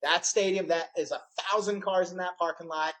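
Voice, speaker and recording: A man hosting a podcast interview, telling a story with animated, acted-out quotes. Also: high voice, moderate pace, low-quality recording. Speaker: podcast host. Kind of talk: casual interview chat.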